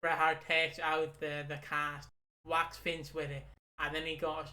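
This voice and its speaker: Bright-voiced man rambling through a recap. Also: a little high, completely flat delivery, unhurried. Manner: rambling recaps, swears, laughs at own stories. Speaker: podcast co-host. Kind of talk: casual chat about wrestling.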